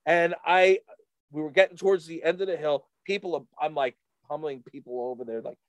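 A man casually telling a rambling, animated story full of fillers to a friend. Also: a little high, brisk, dry recording. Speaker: storyteller in a chat.

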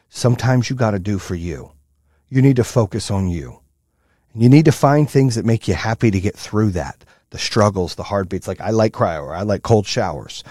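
Animated, profane man telling a story. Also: lowish voice, no echo, clean studio sound. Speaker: podcast host. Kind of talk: casual motivational monologue.

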